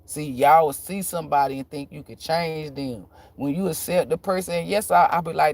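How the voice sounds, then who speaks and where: A man's voice: on the high side, fairly even intonation, fairly quick, creaky, hardly any pauses, darkish tone, no echo. A man talking casually to his viewers, telling a story in a blunt, profane, frank way with frequent laughs. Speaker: tarot reader vlogger.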